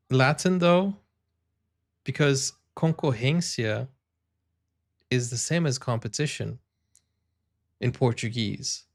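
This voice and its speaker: A man's voice: medium pitch, creaky. A man hosting a video reaction channel, chatting casually and wondering aloud as he tries out words. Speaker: YouTube reaction host.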